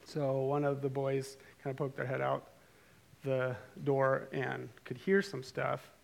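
A middle-aged man telling a story casually to a live audience, animated and self-amused, with rambling asides. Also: mid-range voice, a little slow, gravelly. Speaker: speaker telling a story to a group.

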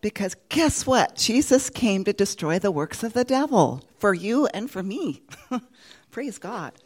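A middle-aged woman giving an earnest, emotional church testimony, laughing softly now and then. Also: medium pitch, very animated, measured pace, slight background noise. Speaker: speaker sharing a testimony.

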